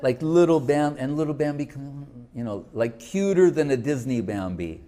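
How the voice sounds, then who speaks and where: A man's voice: medium pitch, lively intonation, normal speed, dark tone. A man, a spiritual teacher, retelling a sacred story to an audience in a casual, joking way, full of restarts and asides.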